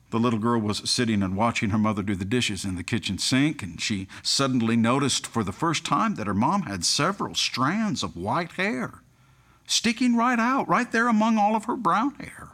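A male pastor preaches a sermon in a medium-pitched voice that rises and falls with lively emphasis. He moves easily into humorous storytelling and chuckles at his own anecdotes.

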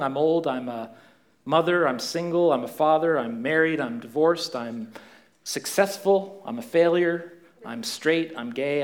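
Male pastor, slightly high voice, conversational questioning sermon delivery. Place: church.

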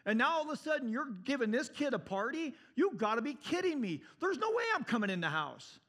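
An indignant, red-faced older son , put on by a preacher, hurls high, loud protests at his father. The voice sits high and pushes hard in every line. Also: very animated, a little fast, exaggerated voice. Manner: shouting indignant outbursts. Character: angry self-righteous older son, young man.

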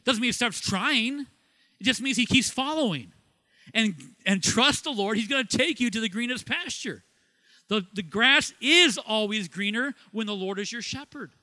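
A middle-aged man from Ohio preaching a sermon as pastor, lively, asking questions and laughing at himself. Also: very high-pitched, normal speed. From Ohio, USA.

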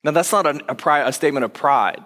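A man preaching as a pastor, telling the story in a conversational, animated way and acting out quoted lines. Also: on the high side, fast. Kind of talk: sermon. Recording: long reverb of a large hall.

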